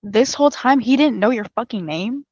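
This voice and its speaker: A woman's voice: on the high side, lively intonation, fairly quick, darkish tone, no echo, highs cut off. Shocked woman reacting, swearing. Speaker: podcast co-host. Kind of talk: casual chat reactions.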